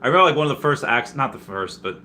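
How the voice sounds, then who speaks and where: A man's voice: medium pitch, animated, very fast, bright, forceful tone, a little hiss or hum. A man from Peru hosting a casual live stream, reading viewer comments aloud and answering them in a rambling way, often restarting his sentences. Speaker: livestreamer answering chat.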